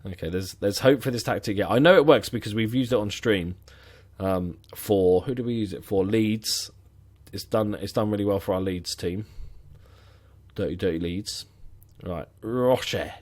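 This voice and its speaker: Low-voiced man, sarcastic game commentary. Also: moderate pace, darkish tone. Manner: sarcastic, muttering asides. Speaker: gaming commentator.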